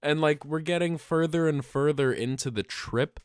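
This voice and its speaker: A young man co-hosting a podcast, telling a comedic story in an animated way, laughing often and breaking into loud yelled bits. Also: on the high side, moderate pace, clean tone, dry recording, clean studio sound. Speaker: podcast co-host.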